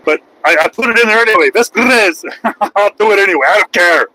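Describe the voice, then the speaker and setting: A middle-aged trucker livestreams casually from his cab while driving, rambling and cracking jokes at his own expense. His voice is high-pitched, bright and forceful, and he talks fast. The recording is dry and rough.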